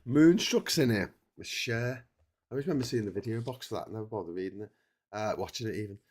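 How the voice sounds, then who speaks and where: A middle-aged man hosts a long solo livestream, sounding tired as he rambles and keeps interrupting himself in casual chat. His voice is fairly low, expressive, and fast, picked up by a streaming setup mic.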